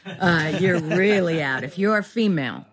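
A woman's voice: lowish voice, animated, moderate pace. A middle-aged woman actor talking candidly as an interview guest, rambling and self-deprecating with many fillers.

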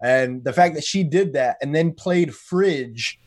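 Animated American man on a podcast. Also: unhurried, no echo, clean studio sound. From United States. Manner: animated, pitch jumps when excited, rambling. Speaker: podcast guest. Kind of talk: casual podcast chat.

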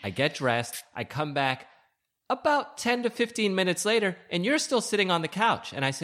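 Indignant man with a lively voice. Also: sits high, normal speed. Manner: indignant, insistent. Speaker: guest, husband. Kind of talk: casual chat.

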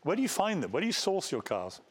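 A man with an English accent asks eager, prompting questions in a voice that rises and falls a lot. His pitch sits slightly high, and the talk is a casual back-and-forth recorded in a big garage. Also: huge pitch swings, fast talker, breathy edge. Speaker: interview host. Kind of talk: casual interview. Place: large car garage.

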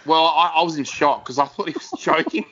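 A man's voice: fairly high pitch, a little fast, a bit bright. Aussie guy on a podcast, rambly yarns, swears a lot, kinda muffled audio. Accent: Australian. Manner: rambling storyteller, swears freely, laughs often. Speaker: guest musician. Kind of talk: casual podcast chat.

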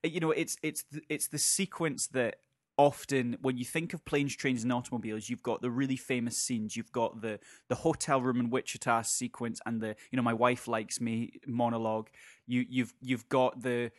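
A man co-hosting a casual film podcast, animated and laughing often as he rambles. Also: mid-range voice, normal speed, no room sound, studio quality. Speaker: podcast co-host.

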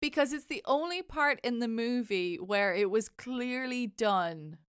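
A woman's voice: fairly high pitch, lively intonation, measured pace, a bit bright, clean tone, no echo, clean studio sound. A woman co-hosting a podcast, chatting about a film in a rambling, casual way. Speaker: podcast co-host. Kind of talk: casual movie review chat.

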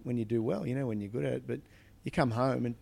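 Gravelly-voiced male comedian chatting. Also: medium pitch, fast, a little hiss or hum. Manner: animated storytelling with frequent restarts. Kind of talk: casual chat.

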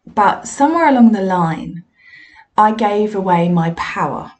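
A woman speaks candidly into her podcast, recounting her own failures in a frank, self-deprecating, conversational way. Her voice sits at an ordinary middle pitch for a woman. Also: darkish tone. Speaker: podcast host and medium. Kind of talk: personal storytelling monologue.

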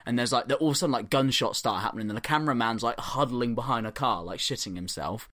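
On a studio-quality, dry recording, a man in his thirties talks quickly in a mid-range, slightly bright voice. As a podcast co-host in casual chat, he rambles through stories, laughing and swearing plenty.

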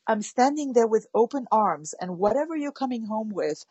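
A woman with a slightly husky voice speaks in a close, dry recording. She talks animatedly about parenting and often acts out gentle, soothing words to a child. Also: a little high, sing-song, normal speed, no echo. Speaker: parenting guest. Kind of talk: conversational interview.

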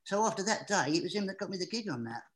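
A man with a high, squeaky, distinctive voice, telling anecdotes as an excitable, animated guest. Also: quick pace, rough recording. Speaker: guest entertainer. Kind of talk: anecdotal storytelling.

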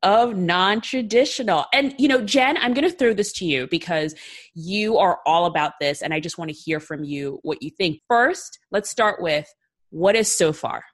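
A woman's voice: on the low side, animated, moderate pace. A woman hosting a podcast in casual chat, friendly and upbeat. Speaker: podcast host.

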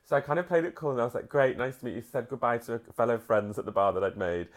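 Male co-host, giggly anecdote teller, mid-pitched voice. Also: fast talker. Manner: giggly, self-mocking storyteller. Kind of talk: casual anecdote chat.

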